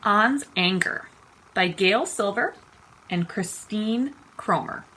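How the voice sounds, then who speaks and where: A woman teacher reading a children's picture book aloud, expressive and unhurried. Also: medium pitch, noisy background. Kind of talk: storytime read-aloud.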